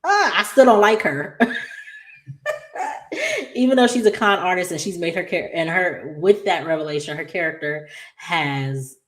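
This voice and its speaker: A woman with a low, deep speaking voice hosts a casual recap of a soap episode. She talks in a chatty, animated way and acts out the characters' lines with playful asides. She laughs often as she goes. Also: normal speed. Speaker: soap opera recap host.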